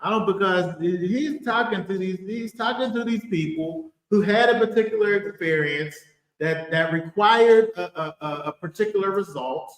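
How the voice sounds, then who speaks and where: Man, Bible teacher, high and lively voice, emphatic, echoey room. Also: normal speed. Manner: animated, emphatic, rhetorical questions.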